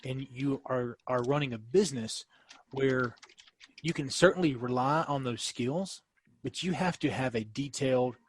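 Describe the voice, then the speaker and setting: A man's voice: medium pitch, moderate pace, slight background noise. A man, a dentist guest telling stories in a casual podcast chat. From Kentucky. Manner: storytelling, animated, restarts often.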